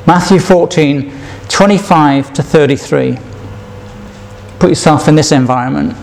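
A male preacher delivering a sermon with a fairly high voice. He takes his time, reads scripture out and keeps asking his listeners questions. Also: measured pace, creaky, darkish tone, a little hiss or hum.

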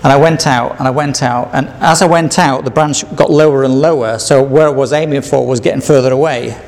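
Gravelly older man telling his testimony. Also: mid-range voice, steady tone, fairly quick, darkish tone. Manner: rambling, repeats himself, chuckles between stories. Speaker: speaker sharing his testimony. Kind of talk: personal testimony storytelling.

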